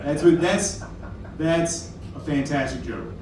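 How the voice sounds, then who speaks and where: A young man doing a stand-up set in a rambling, self-deprecating way, breaking off to apologize. His voice sits a little high. It is picked up from a distance in a very echoey room with faint noise behind. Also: slow pace. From Kentucky. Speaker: stand-up comedian. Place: comedy club stage.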